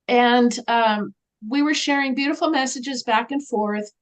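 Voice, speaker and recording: A woman guest in an interview, telling a story in an animated way and acting out the voices of people she quotes. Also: fairly high pitch, a little slow.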